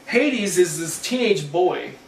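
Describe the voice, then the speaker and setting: Casual male comic host, loose rambling recap, a little high, roomy and off-mic. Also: lively intonation, slow pace, creaky, slight background noise. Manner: loose storytelling with filler words and restarts. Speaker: comic book show host. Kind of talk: casual retelling of a comic story. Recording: echoey room, mic at a distance.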